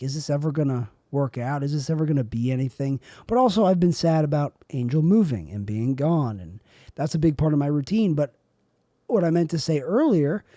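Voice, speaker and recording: A man's voice: a little high, dark tone, no echo, clean studio sound. A young man hosting a solo podcast, talking in a candid, rambling, self-deprecating way about his comedy.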